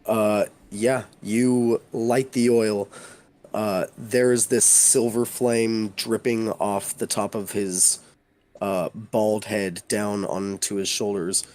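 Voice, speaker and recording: A man narrating as game master, describing scenes in a halting way with many fillers. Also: lowish voice, flat delivery, darkish tone.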